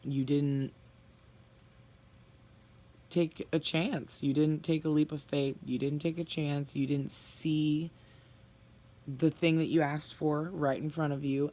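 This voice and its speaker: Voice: mid-range voice, fairly even intonation, unhurried, dark tone. A tarot reader giving a spoken reading to viewers, blunt and emphatic, often sighing and sympathetic.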